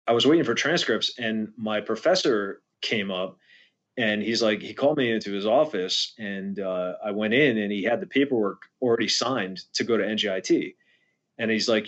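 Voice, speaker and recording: A man's voice: on the low side, normal speed. Rambling man telling a story on a lo-fi line. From New Jersey. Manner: rambling, animated storyteller quoting others. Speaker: podcast guest, former drummer. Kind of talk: casual storytelling interview.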